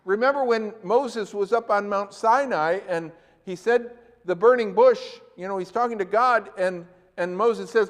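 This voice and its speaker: High-voiced pastor preaching in a church. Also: male voice, measured pace, few pauses. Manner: conversational, asks the congregation questions. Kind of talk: sermon. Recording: echoey church hall.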